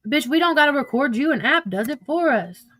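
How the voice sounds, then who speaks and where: A woman speaking a bit high, reading text messages aloud with a steady stream of profanity and gossip. She breaks into laughter often as she recounts the exchanges. The sound is dry and close, with no room around her voice. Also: fairly quick, no echo. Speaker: social media streamer.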